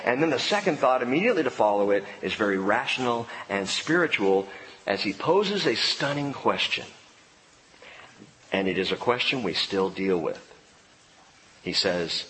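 A man preaching a sermon as a pastor, playful and animated, with sudden emphatic outbursts. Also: medium pitch, normal speed. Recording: reverberant hall with faint ambience.

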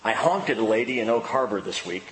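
A man's voice: on the low side, expressive, fast talker, fairly bright tone, a little hiss or hum. A man preaching a sermon, telling a personal story with self-mocking humor. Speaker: pastor. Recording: long reverb of a church hall.

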